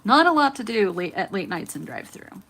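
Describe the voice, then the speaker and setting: A woman's voice: mid-range voice, very animated, brisk, vocal fry, fairly bright tone. A woman in her thirties with a California accent and a faint Southern lilt, chatting and smiling as she hosts a nail-art livestream and talks to viewers. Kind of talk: casual chat while doing nails.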